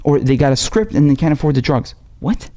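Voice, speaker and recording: A man with a slightly high, expressive, mellow voice hosts a political commentary show. He rants rapid-fire with heated passion and heavy swearing.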